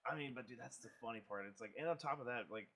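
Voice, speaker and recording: A young man hosting a podcast in laid-back casual chat, often saying "dude" and breaking into loud laughing exclamations. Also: medium pitch, racing, a crowd in the background. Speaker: podcast host.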